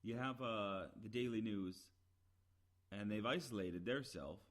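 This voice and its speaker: Lower-voiced man on an exasperated rant. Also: measured pace. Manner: rambling, frequent "uh" fillers and restarts. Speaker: podcast commentator. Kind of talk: opinionated solo commentary.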